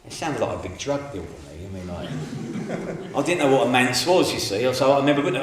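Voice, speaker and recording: A middle-aged man telling his life story in an interview, colloquial and animated, acting out the people in his stories. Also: mid-range voice, fairly quick, crowd noise. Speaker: interviewee giving a testimony. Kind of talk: candid storytelling. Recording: very echoey room, faint noise.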